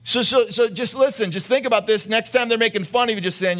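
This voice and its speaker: A man's voice: high voice, quick pace, a bit bright. A male pastor preaching a conversational sermon, questioning the congregation and often repeating his words.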